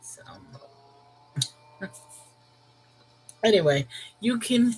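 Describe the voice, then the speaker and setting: A woman's voice: fairly high pitch, expressive, drawn-out words, slight background noise, low-quality recording. New York woman chatting live. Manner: talks things through out loud, reacting to viewer comments. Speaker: livestream host. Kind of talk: casual live-chat reply.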